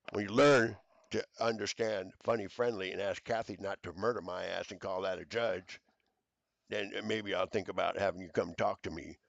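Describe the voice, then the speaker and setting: Angry swearing man, low voice. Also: gravelly, no echo. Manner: shouting accusations, stammering fillers, heavy cursing. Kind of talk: angry profane rant to camera.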